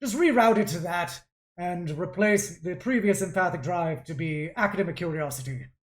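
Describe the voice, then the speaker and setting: A woman's voice: lowish voice, normal speed, natural voice. A woman voicing a cold, scheming male artificer lord who talks down to his daughter. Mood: irritated. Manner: dismissive, condescending.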